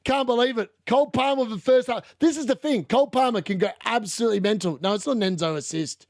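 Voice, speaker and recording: A man hosting a live fantasy football watchalong, chatting through the games and shouting when goals go in. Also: very high-pitched, fast talker, no echo, studio quality.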